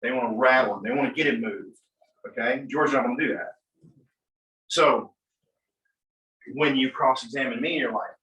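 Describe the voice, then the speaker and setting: A man who is an attorney, coaching a class on mock trial in an animated way, acting out courtroom exchanges. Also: mid-range voice, normal speed, pauses often. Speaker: attorney, guest speaker. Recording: echoey room, mic from far off.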